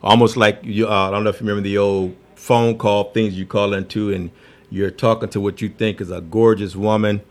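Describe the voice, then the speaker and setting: A man's voice: on the low side, little pitch movement, fairly quick. A man hosting a casual interview chat, eager and chatty, reacting with interest. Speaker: host.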